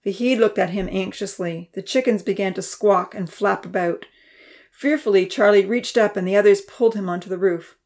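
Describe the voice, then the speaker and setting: A woman narrating a children's storybook, voicing the characters with a higher pitch and dropping to a whisper for quiet thoughts. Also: moderate pace. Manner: reads characters' lines with raised pitch and soft whispers.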